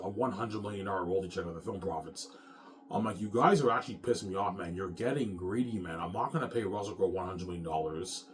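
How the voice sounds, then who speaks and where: Low-voiced man rambling boastfully. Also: a little mellow, slight background noise. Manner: repetitive, boastful, says "man" a lot. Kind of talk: rambling off-the-cuff monologue.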